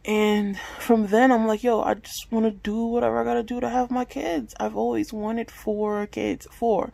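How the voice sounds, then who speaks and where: With a gravelly, dark, mid-range voice, fairly even intonation and an unhurried pace, this vlogger in her late twenties opens up emotionally to her phone camera at home. She swears freely in the personal talk, and the audio is dry and poor.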